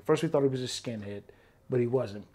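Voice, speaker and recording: A man telling stories as an interview guest, animated, swearing freely, peppering his talk with "man" and acting out other people's lines. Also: mid-range voice, brisk. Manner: animated, swears often, keeps saying "man". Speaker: interview guest, former bodyguard. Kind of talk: casual storytelling.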